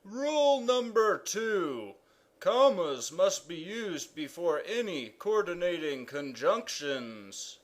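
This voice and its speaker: A man voicing a pompous, loud male king who proclaims grammar rules in an animated cartoon. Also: slow pace, heavily acted. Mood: commanding. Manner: booming proclamations.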